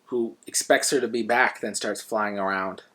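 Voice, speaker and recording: A man casually reviewing a book and retelling its stories in a conversational, animated way. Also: fairly low pitch, normal speed.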